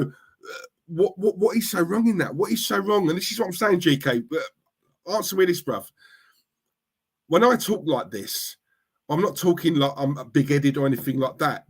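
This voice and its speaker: Fired-up guy on a stream, middle-aged, keeps going "yeah? right?", fairly high voice. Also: husky. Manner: fired-up, repetitive, asks "yeah? right?" constantly. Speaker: streamer, football fan. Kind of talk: livestream rant reading chat.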